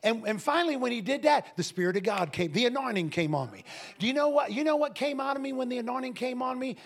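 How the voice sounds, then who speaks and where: A man preaching a sermon to a congregation, telling stories emphatically and breaking into shouts and laughter. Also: extremely high pitch, quick pace. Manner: emphatic, swings into shouting and laughter, lively storytelling. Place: church service with a congregation.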